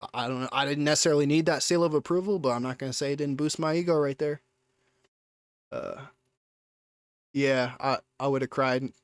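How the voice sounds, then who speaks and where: Excitable young man telling a rambling story. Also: medium pitch, fairly quick, pauses often, clean tone, dry recording, clean studio sound. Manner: rambling and excitable, with many restarts and casual swearing. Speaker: live streamer. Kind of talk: casual storytelling.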